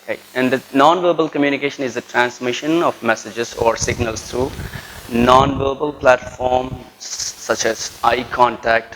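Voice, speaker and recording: A man's voice: medium pitch, fairly bright tone, slight background noise, low-quality recording. A man from South India with an Indian English accent and a Tamil background gives a classroom lecture to students. He checks in with them constantly, adding "right?" after nearly every point. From Tirunelveli, South India. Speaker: college lecturer.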